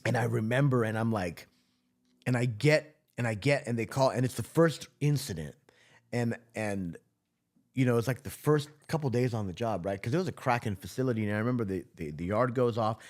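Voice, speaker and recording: A man's voice: medium pitch, a little fast, a little mellow. A man from Southern California, a former correctional officer, telling a story in a casual interview, loose and profane, full of filler words.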